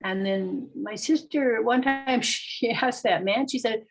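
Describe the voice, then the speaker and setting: An older woman telling a childhood story aloud at a storytelling gathering, lively and exclaiming in sudden high bursts. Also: measured pace, rough recording. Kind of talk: live oral storytelling.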